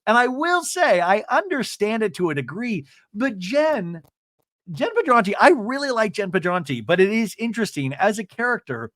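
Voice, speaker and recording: A man hosting a podcast, recapping a reality show in casual, animated chat with jokey asides. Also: high voice, moderate pace, no room sound, studio quality. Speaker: podcast host.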